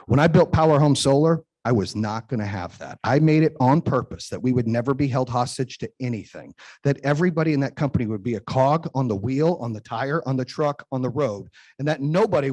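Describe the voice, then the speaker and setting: A man's voice: mid-range voice, expressive, a little fast, darkish tone, no echo. A man in his forties giving a motivational keynote speech, telling stories with emphasis and frequent "right?" tag questions. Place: event stage before a live audience.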